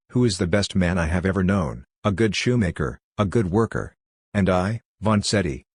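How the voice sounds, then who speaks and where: A man reading as a gentle, wise condemned prisoner. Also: low voice, slightly rough, dry recording, studio quality. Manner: gentle, soothing, philosophical. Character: wise, tender condemned older male prisoner.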